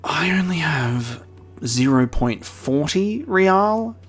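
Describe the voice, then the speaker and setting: A man's voice: a little high, sing-song, slow pace. A man, joking and reading game dialogue aloud in a let's play. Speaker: gaming streamer.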